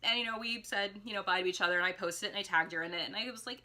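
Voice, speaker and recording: Woman vlogger, casual storytime, bright tone, chatty and rambling. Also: fairly high pitch, brisk. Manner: rambling, heavy use of "like", animated quoted voices. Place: indoors at home, ring light.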